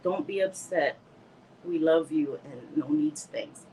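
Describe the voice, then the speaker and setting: A woman hosting a livestream, speaking in a lowish voice and talking straight to her viewers with rambling, heartfelt gratitude. She is teary and emotional, with laughs breaking through. She is still recovering from a cold, and there is a faint hiss of noise under her voice. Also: a little slow, mellow, low-quality recording. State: recovering from a bad cold, slightly stuffy. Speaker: livestream host. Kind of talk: casual livestream chat reading viewer comments.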